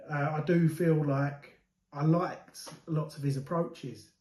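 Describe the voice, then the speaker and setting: Man, battle judge, slightly high voice, hesitant, echoey room. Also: a little mellow. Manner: hesitant, rambling, many fillers and restarts. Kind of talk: judge's verdict to camera.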